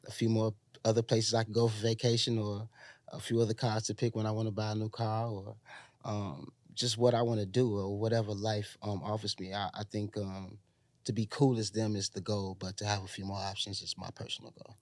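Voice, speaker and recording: Man, Chicago accent, lowish voice, slangy, reflective, casual interview guest, dry close sound. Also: little pitch movement, brisk, no echo. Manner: laid-back, slangy, reflective with many ums. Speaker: R&B singer, guest.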